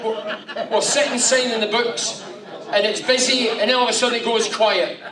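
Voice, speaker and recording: High-voiced man telling stories. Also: normal speed. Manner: animated, swearing storyteller. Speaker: guest speaker. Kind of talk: after-dinner anecdotes. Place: function room with audience. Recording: echoey hall, far mic, crowd.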